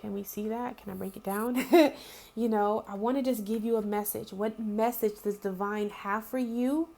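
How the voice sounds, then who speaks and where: A young woman, apparently a spiritual reader, speaks to her viewers in a casual, heartfelt talk recorded on home video. Her voice is medium-pitched, steady and warm with some creak, and she keeps a moderate pace while repeating herself and leaning on plenty of fillers.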